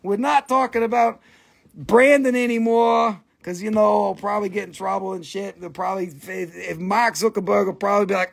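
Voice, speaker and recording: A man's voice: sits high, steady tone, normal speed, vocal fry. A man hosting a casual live stream selling rocks, joking and rambling with plenty of swearing. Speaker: rock shop seller.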